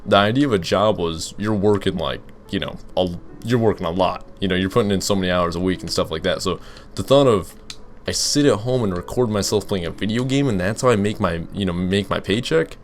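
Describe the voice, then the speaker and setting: A man's voice: low-pitched, brisk, soft background music. A young man who makes gaming videos, answering viewer questions while playing, rambling with lots of fillers and restarts. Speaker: gaming YouTuber. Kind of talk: casual Let's Play commentary with Q and A.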